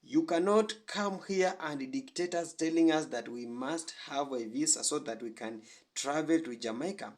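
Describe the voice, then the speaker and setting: A man's voice: fairly high pitch, normal speed. A man hosting a reaction channel, giving earnest commentary from Africa with frequent hesitations and fillers.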